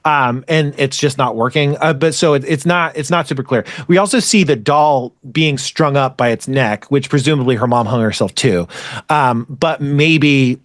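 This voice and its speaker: A man's voice: mid-range voice, normal speed, no room sound, clean studio sound. A man hosting a podcast, chatting casually about an anime, rambling with frequent restarts and casual swearing. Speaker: podcast host.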